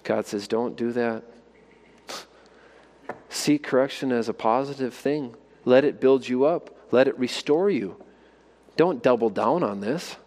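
A man's voice: mid-range voice, a little slow, pauses often, a little mellow, big-room sound. A man preaching a sermon, asking his listeners rhetorical questions and building to emphatic exhortations. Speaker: pastor.

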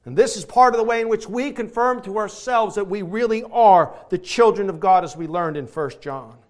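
A man preaching a sermon, emphatic, moving from hushed reflection to shouted declarations. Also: high voice, moderate pace. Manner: emphatic, swings from quiet to shouting.

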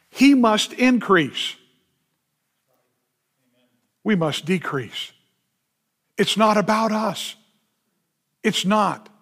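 A man, a pastor, preaching a sermon with emphatic, drawn-out stresses and quick asides to the congregation. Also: sits high, breathy edge.

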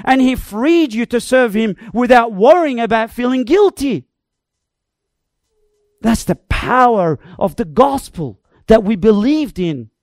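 A preacher delivering an emphatic, dramatic sermon that swings between loud cries and quiet asides. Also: mid-range voice, animated, unhurried, no echo, studio quality. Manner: emphatic, dramatic, varies loudness and tempo.

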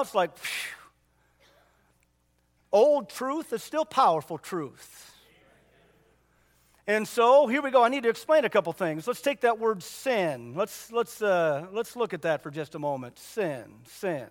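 Male pastor, unusually high pitch, folksy repetitive preaching, reverberant hall. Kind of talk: sermon. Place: church.

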